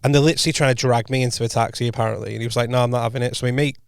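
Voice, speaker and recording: A man's voice: mid-range voice, fairly even intonation, racing, gravelly, smooth, no echo. Man rambling through an anecdote, dry mic. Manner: rambling anecdote, frequent self-corrections and quoted dialogue. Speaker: podcast co-host and comedian. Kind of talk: casual storytelling chat. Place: podcast studio.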